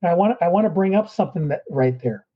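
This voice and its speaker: A man's voice: high voice, animated, fast talker, lo-fi sound. A man who is a guest performance coach, talking earnestly through breathing steps in a podcast interview.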